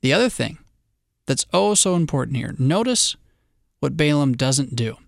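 Man, pastor, sermon, conversational, wry asides, somewhat high voice, dry close sound. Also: big pitch swings, moderate pace, vocal fry, no echo.

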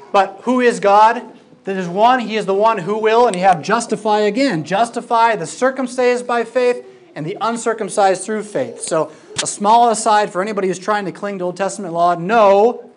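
A Bible teacher giving a classroom lecture, emphatic and lively, with informal asides. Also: medium pitch. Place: classroom with a projected screen.

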